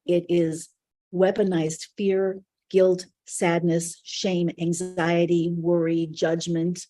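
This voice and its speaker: A woman's voice: fairly low pitch, level tone, slow, dark tone. A woman teaching a live online spiritual class, speaking earnestly in loose, flowing, reflective phrases.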